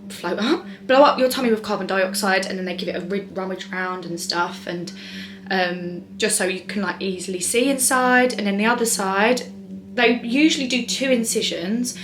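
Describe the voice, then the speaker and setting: A woman's voice: medium pitch, fairly bright tone. A young woman telling a personal story to camera in a rambling, chatty way, full of fillers and restarts. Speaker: vlogger. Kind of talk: casual storytime monologue.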